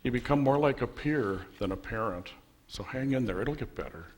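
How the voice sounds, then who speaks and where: A man, a pastor in a church with a Minnesotan accent, telling a sermon story and voicing the people in it with shifts in pitch and loudness. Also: expressive, normal speed.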